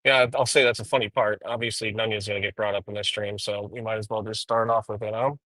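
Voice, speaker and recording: A man's voice: on the low side, flat delivery, quick pace, pushed and bright, dry recording, rough recording. A man streaming live while driving, rambling through profane drama commentary with frequent ums. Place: inside a car.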